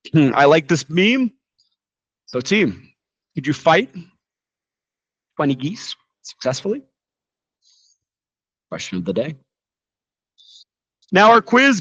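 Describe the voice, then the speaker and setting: A man teaching a casual English lesson, explaining with jokes and lively asides. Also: a little high, no room sound, lo-fi sound. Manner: lively, joking, animated explanations.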